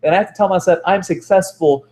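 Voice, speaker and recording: A man's voice: high voice, fast talker, darkish tone, reverberant. A man giving a motivational self-help talk, repeating phrases for emphasis and correcting himself as he goes.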